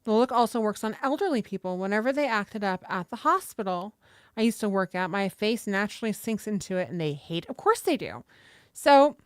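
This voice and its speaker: A woman's voice: medium pitch, lively intonation, a little fast, smooth, no room sound. Chatty woman on a dry close mic. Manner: chatty, swears casually, greets viewers from chat. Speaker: livestream host. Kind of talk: casual livestream chat leading stretches. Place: seated at a table at home. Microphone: desk microphone close by.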